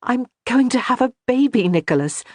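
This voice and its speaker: A narrator voicing a kind, calm young noblewoman in an audiobook. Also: mid-range voice, normal speed, dry recording, voice pushed up, lightly acted. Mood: gentle. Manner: soft, reassuring. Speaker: character in an audiobook. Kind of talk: audiobook character reading.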